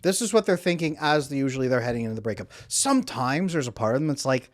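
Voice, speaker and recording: An emphatic man coaching straight to camera, with a voice sitting a bit high for a man. He hammers his points through repetition and slips into acted-out quotes. The sound is dry and close. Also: expressive, fast talker, hardly any pauses, no echo. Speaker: relationship coach.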